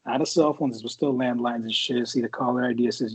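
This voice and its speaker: Man in his 40s, husky voice, rambling, swears a lot, dull lo-fi podcast sound. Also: medium pitch, fast, few pauses. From San Francisco Bay Area. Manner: profane and rambling, full of fillers and restarts. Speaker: podcast co-host, Marine veteran. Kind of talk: casual storytelling chat.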